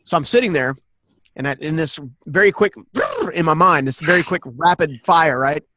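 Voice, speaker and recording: A man in his forties, a podcast guest, telling a personal story in an animated, earnest way and often restarting his sentences. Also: a little high, normal speed, noisy background. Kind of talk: personal storytelling in a conversational interview.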